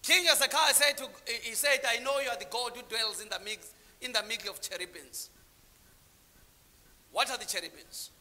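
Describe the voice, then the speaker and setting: A man preaching with a strikingly high, bright voice. He draws call-and-response from the congregation and moves between low murmured asides and shouted lines. The sound rings with the long reverb of a church hall. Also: normal speed. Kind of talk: sermon.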